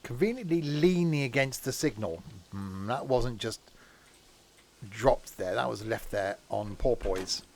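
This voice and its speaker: A man's voice: medium pitch, animated, measured pace, creaky, slight background noise. A man chatting casually while live-streaming a train game, with joking asides.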